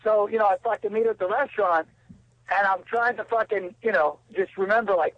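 A man's voice: high-pitched, fast talker. A man calling into a show, telling his story in a rambling way, swearing heavily and stumbling over fillers. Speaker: caller. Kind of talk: casual phone call to a show. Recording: muffled lo-fi phone line.

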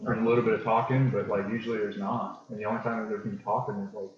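A man talks fast in a casual, joking way, with a lowish voice. The room is echoey, with people chattering behind him, and the sound is dull. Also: little pitch movement. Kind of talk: casual chat. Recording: echoey room with crowd noise, lo-fi.

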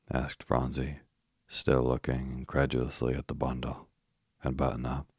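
A man narrating a bedtime sleep story in a slow, soothing reading voice. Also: rumbling low, completely flat delivery, breathy edge, dry recording, studio quality.

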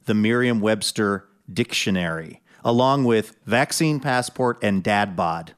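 A man from the US Northwest hosting a radio show, chatty and quick to laugh. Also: fairly low pitch, expressive, clean tone. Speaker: host.

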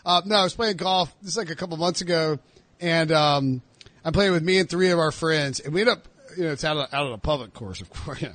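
A man hosting a podcast, telling a story in casual chat and acting out the shouted lines. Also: on the high side, fast, no room sound. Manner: animated storyteller, acts out shouted quotes. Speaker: podcast host.

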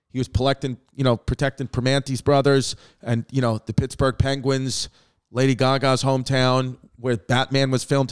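A brash man tells history as a stand-up comedy routine. He is profane and rambling, and he keeps breaking off into jokes and asides. His voice sits at an ordinary middle pitch for a man. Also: clean tone. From Brooklyn, New York.

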